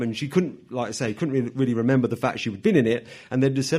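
A man speaking as guest at a society meeting in a hotel function room, relaxed and chatty. He tells stories in a self-deprecating way, with plenty of ums and quick asides, at a middling pitch. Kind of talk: talk to a live audience.

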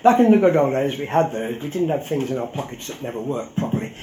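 A man's voice: medium pitch, lively intonation, fast, crowd noise. An older man, a historian, giving a public lecture in a wry, conversational way with frequent ums and asides. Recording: roomy hall echo.

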